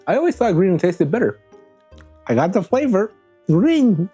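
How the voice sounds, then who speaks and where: On new desk microphones, a vlogger tastes crayons and gives chatty, rambling commentary, dramatically addressing the crayons and often stumbling and restarting. The voice is mid-range with big pitch swings, a normal speed, and a dark, slightly rough tone, with faint music behind.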